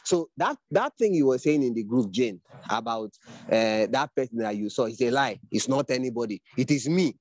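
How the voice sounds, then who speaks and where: A man's voice: mid-range voice, animated, normal speed, darkish tone, no echo. A middle-aged man, lecturing his trainees on an online class call in an earnest, fatherly way. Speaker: training instructor. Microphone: video call.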